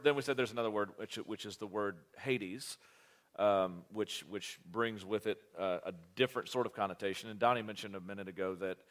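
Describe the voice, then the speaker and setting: A man with a fairly low voice talks through scripture in a relaxed, unscripted way. He wanders, restarts sentences and drops in blunt asides. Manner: rambling, many fillers and restarts, blunt asides. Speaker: co-host of a Bible study podcast. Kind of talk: casual Bible teaching talk.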